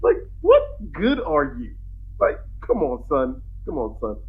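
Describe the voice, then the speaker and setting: A man's voice: medium pitch, huge pitch swings, a little slow. A man co-hosting a podcast who teases his partner, laughs often and jumps in to interrupt. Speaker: podcast co-host. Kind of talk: casual chat reacting to a TV episode. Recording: lo-fi podcast audio with faint noise.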